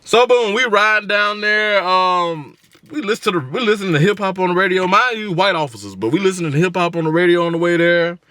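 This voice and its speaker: A man telling an animated, slangy story from his car, acting out every voice he quotes. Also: sits high, fairly quick, dry recording, clean studio sound. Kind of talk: casual storytime. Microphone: camera in the car.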